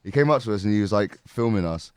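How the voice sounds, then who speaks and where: A man's voice: fairly low pitch, animated, quick pace, clean tone, no echo, clean studio sound. Rambling man telling anecdotes. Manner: rambling anecdotes, laughs often. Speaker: podcast co-host. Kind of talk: casual chat.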